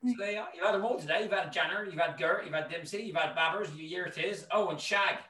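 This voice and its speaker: A man's voice: sits high, quick pace, bright, forceful tone. Joking man, roomy and distant. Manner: joking, teasing, laughs often. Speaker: guest. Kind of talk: casual chat. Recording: roomy sound, away from the mic.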